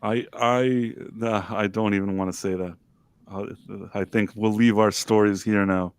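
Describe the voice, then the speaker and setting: A man's voice: fairly low pitch, fairly even intonation, unhurried, clean tone, no echo. A man co-hosting a live stream, telling a story casually in a rambling, self-deprecating way with many fillers and restarts. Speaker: livestream co-host.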